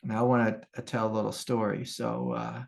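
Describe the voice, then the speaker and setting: Middle-aged man, spiritual teacher, gravelly and earnest, talks in a heartfelt, conversational way. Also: medium pitch, flat delivery, fairly quick. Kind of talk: casual storytelling talk.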